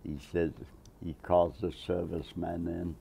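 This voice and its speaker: A man's voice: low-pitched, flat delivery, unhurried, gravelly, mellow, slight background noise. A man in his nineties, a Navy veteran, telling a long rambling story in an oral history interview, chuckling and acting out the quotes. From Massachusetts, USA. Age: 90s.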